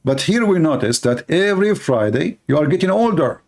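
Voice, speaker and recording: A man's voice: a little high, big pitch swings, brisk, creaky, darkish tone. A man giving mocking commentary on religion, sarcastic and often laughing. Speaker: religion critic.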